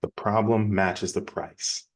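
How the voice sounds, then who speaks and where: Man, business coach, casual teaching talk, energetic, conversational, lowish voice. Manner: energetic, acts out quick example dialogues; conversational, plainspoken.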